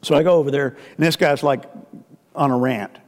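A man's voice: medium pitch, brisk. A middle-aged man preaching a sermon, telling stories animatedly and acting out the people he quotes. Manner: animated storyteller, acts out quoted voices. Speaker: pastor. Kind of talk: sermon with storytelling. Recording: reverberant hall.

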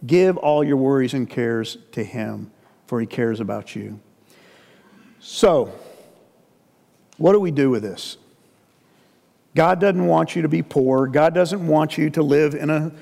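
A man's voice: on the high side, vocal fry. A middle-aged man preaching a sermon, telling stories animatedly and acting out the people he quotes. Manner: animated storyteller, acts out quoted voices. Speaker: pastor. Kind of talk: sermon with storytelling. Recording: reverberant hall.

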